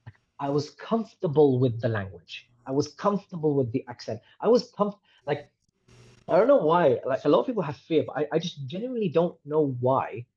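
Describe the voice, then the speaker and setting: A British man in his thirties talks as a podcast guest in a husky, slightly rough voice. He rambles candidly from one tangent to the next and pokes fun at himself as he goes. The audio sounds somewhat muffled and lo-fi. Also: fairly high pitch, sing-song, a little fast, mellow. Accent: British English. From United Kingdom. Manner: chatty, wandering, candid and self-deprecating. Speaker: guest, reciter. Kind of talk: casual interview conversation. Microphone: podcast microphone.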